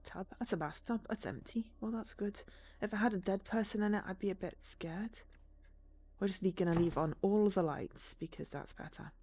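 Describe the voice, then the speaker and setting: A woman's voice: mid-range voice, moderate pace, dark tone, slight background noise. A woman streaming a point-and-click game, chatting casually and reading the game text aloud with joking asides. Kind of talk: casual let's-play commentary.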